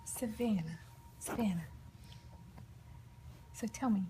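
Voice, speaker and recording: A young mother coaxing her baby in gentle baby talk, often dropping to a half-whisper. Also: a little high, very animated, a little slow, pauses often, background noise.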